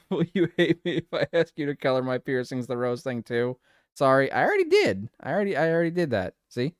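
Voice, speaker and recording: A man's voice: medium pitch, big pitch swings, brisk, no echo, clean studio sound. A man streaming live, chatting casually with his viewers, giggling a lot and swearing playfully.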